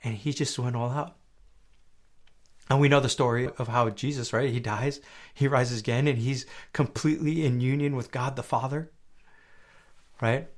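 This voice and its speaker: A young man hosts a faith-based podcast, speaking in an earnest, conversational way and often checking in with "right?". His voice sits at a middle pitch. It sinks soft and low, then swells loud and high when he gets stirred. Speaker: podcast host.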